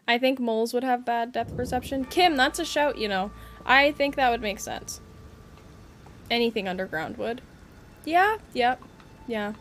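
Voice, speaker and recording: A woman's voice: fairly high pitch, measured pace, pauses often, fairly bright tone, a little hiss or hum. A young woman from Canada streaming a game live, chatting playfully with her viewers and laughing often.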